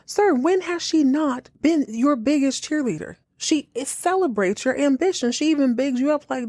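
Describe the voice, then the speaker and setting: A woman hosting a podcast, reacting to a TV episode in casual, exasperated commentary, cursing freely and slipping into quick mocking impressions. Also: high voice, dry recording, clean studio sound. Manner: animated, exasperated, swears freely, mocks characters in quick impressions. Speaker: podcast host reacting to a TV show.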